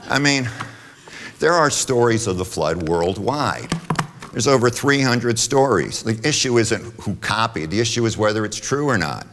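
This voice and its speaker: A man's voice: fairly low pitch, animated, normal speed, fairly bright tone, slight background noise. A man giving an adult education talk at a church, speaking conversationally with many fillers and self-corrections and sometimes reading quotations aloud. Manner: reads quotations aloud from notes. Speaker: adult forum presenter. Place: church meeting room. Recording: long reverb of a hall.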